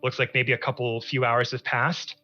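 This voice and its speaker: Male dungeon master, bright voice, slow drawn-out scene narration, faint music behind. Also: mid-range voice, flat delivery, highs cut off. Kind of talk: narrating a tabletop game.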